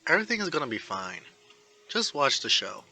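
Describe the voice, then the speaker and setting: A man's voice: medium pitch, sing-song, brisk, sharp tone, full character voice. A man voicing an upbeat, friendly teenage schoolboy who talks eagerly. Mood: reassuring.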